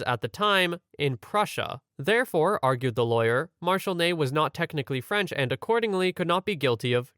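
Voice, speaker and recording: A man from Canada narrating online stories in a scripted way with wry, deadpan asides. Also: on the high side, dry recording, clean studio sound. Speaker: story narrator.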